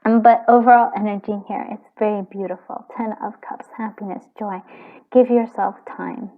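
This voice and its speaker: A woman reading tarot cards for viewers in a casual, rambling, gentle way, full of fillers and restarts, choked up with emotion. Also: medium pitch, fairly even intonation, moderate pace. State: tearing up. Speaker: tarot reader. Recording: tinny phone-like audio.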